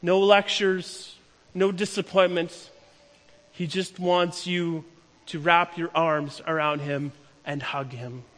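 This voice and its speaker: A man preaching a sermon, retelling a story with emphatic, slowing delivery. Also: on the high side, fairly even intonation, a bit bright. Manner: storytelling, emphatic, slows down for key lines. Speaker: pastor. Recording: long hall reverb.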